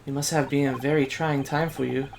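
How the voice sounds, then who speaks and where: Man putting on a soft-spoken formal young woman assistant, gravelly edge, even middle pitch, measured, game dialogue. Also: slight background noise, close to an everyday voice. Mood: polite, composed.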